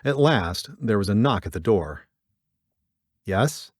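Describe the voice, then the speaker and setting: A man narrates a story in a low voice with a lively, swinging delivery. He lifts his voice for dialogue and sinks it for the tags. The recording is dry and close. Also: normal speed, no echo. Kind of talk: audiobook narration with character voices.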